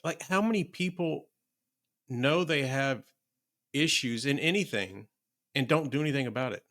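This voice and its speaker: A man's voice: medium pitch, moderate pace, a bit bright, dry recording. Male podcast host, dry close sound. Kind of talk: casual chat.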